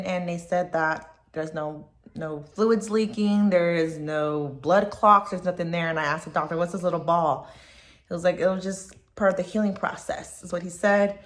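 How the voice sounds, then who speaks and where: A woman vlogging from home, venting in an upset, rambling way and swearing freely. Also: lowish voice. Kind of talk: casual personal vlog, venting. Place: at home, dog nearby.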